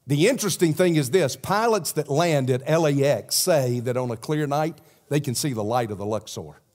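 A man with a Southern accent preaching a sermon as pastor, swinging from loud emphasis to a hushed prayer. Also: on the high side, normal speed. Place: church sanctuary.

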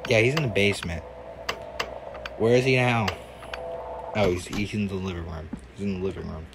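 A man's voice: deep voice, fairly even intonation, moderate pace, noisy background. A man giving casual gaming commentary, reacting with dry sarcastic remarks. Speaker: gamer.

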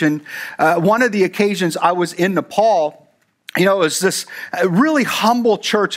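A man's voice: high voice, a bit bright. A man preaching a sermon as pastor, talking conversationally with rambling fillers and asides. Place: church.

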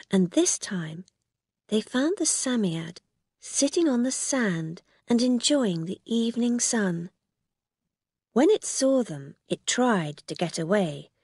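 A woman narrating a graded-reader story in a clear, measured storytelling manner. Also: mid-range voice, darkish tone, no room sound, clean studio sound.

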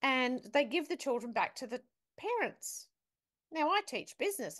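On a podcast, a woman who is a business academic tells a story with vivid emphasis, quizzing the listener along the way. She has a high, fairly bright voice with big swings in pitch, delivered at a normal speed.

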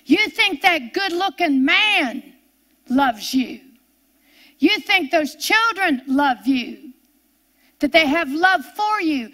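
An older woman preaching a sermon, drawing out key words for emphasis and then slipping into quick, chatty asides. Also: extremely high pitch, animated, pushed and bright. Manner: emphatic, drawn-out preaching with sudden fast asides.

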